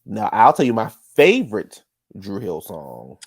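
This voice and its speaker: A man's voice: fairly low pitch, wildly swooping pitch, a little slow, no echo, clean studio sound. A man co-hosting a casual podcast chat, insistent and teasing, repeating himself for emphasis. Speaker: podcast co-host.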